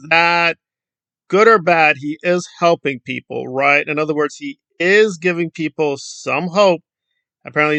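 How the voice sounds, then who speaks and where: A man's voice: fairly high pitch, gravelly, pushed and bright, no echo. A man hosting an opinion commentary channel, talking in a sarcastic, mocking tone full of rhetorical questions.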